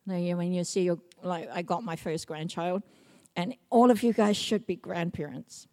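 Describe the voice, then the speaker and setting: A middle-aged pastor delivers a sermon in a fairly low voice. She drives her points home by repeating them with emphasis. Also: normal speed, dark tone. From Samoa. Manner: emphatic, repetitive preaching.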